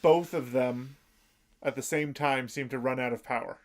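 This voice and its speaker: A man's voice: mid-range voice, steady tone, normal speed. A man co-hosting a podcast who adds details and corrections while an anime episode gets retold in casual chat. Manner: corrects and adds details, plain conversational delivery. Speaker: podcast co-host.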